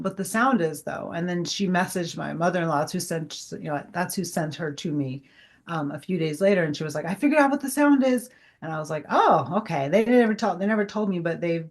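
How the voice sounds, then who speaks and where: A woman in her forties, a guest chatting casually in an interview, rambling with many fillers and acting out past conversations. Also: on the low side.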